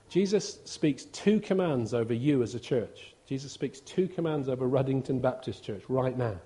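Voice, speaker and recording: A man's voice: mid-range voice, lively intonation, normal speed, few pauses, dark tone. A man, a visiting preacher giving an informal, humorous sermon and acting out quotes. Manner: chatty, humorous, acts out quotes.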